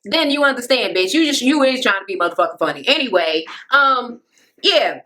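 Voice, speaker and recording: A woman's voice: a little high, expressive, a little fast, bright, forceful tone. A woman recapping a reality show in a blunt, profane rant, mimicking the people she quotes.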